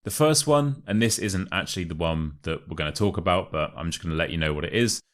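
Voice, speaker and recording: Deep-voiced British teacher, precise RP. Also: male voice, animated. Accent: Modern RP British English. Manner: clear, deliberate teaching with slowed example phrases. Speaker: English teacher. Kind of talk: online English lesson.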